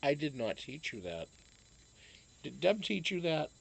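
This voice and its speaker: A man with a gravelly, creaky voice hosts a casual live stream at an unhurried pace. He rambles through viewer comments, cracks jokes and swears offhandedly. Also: on the high side, big pitch swings, poor audio. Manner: rambling, jokey, swears, talks to chat by name. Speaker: live-stream host reading chat.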